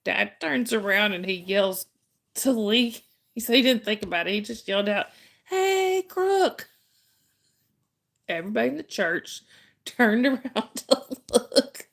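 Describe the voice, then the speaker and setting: Her medium-pitched voice is gravelly and a bit bright, moving at normal speed as she hosts a laid-back livestream. She chats with viewers while telling a story, often laughing and starting sentences over.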